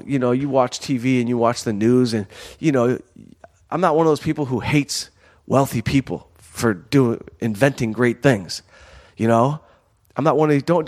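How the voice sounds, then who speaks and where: Rambling storytelling man. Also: medium pitch. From Southfield, Michigan, USA. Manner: rambling, animated, lots of "you know" and "like". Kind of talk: casual anecdotal storytelling.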